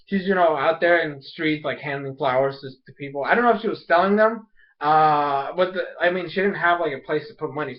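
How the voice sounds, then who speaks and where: A young man with a fairly high voice rambles through an episode recap, piling on fillers and getting excitable as he goes. His casual talk comes through a dull, lo-fi home recording. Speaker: TV episode reviewer.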